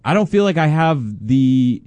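A man's voice: fairly high pitch, sing-song, unhurried, warm tone, no echo. A man defending himself to his boss, stammering and hesitant as he explains the event he produced.

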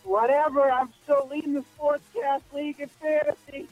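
A man's voice: extremely high pitch, little pitch movement, moderate pace, phone-quality sound, faint music behind. A man chatting casually on a podcast, laid-back and amused. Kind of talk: casual chat.

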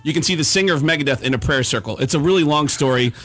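Casting: husky-voiced male comic, lively storytelling, raised pitch. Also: very fast. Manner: animated, stammering restarts, laughs through lines. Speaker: comedian guest.

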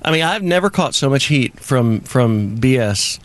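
Texan guy drawling thru a story, voice jumps all over, mid pitch. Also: unhurried, no room sound. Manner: animated storyteller, drawling and joking. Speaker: radio show guest. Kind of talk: casual studio chat.

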